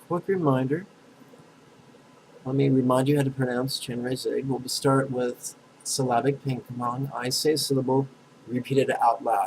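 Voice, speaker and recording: A man teaching a meditation lesson, talking bluntly and drawing syllables out slowly for listeners to repeat. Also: mid-range voice, vocal fry, slight background noise, low-quality recording. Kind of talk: guided meditation lesson with call-and-response chanting.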